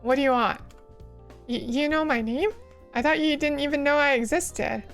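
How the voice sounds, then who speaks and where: Earnest blunt teen hero, a woman reads him, secret magical powers, fairly high voice. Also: moderate pace, soft background music. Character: determined teen boy turned magical girl.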